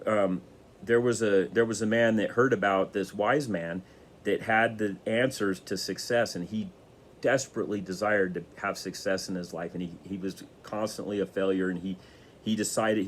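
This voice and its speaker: Man, low voice, casual motivational talk, rambling storyteller. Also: slight background noise. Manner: rambling, many restarts and fillers. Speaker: motivational speaker.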